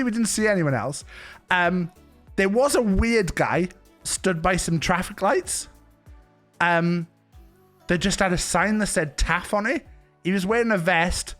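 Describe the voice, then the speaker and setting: Welsh man, young, rambling, restarts, giggles, higher pitch, faint music behind. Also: fairly bright tone. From Wales. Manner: rambling, many restarts, breaks into laughter. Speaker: streamer. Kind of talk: casual storytelling chat.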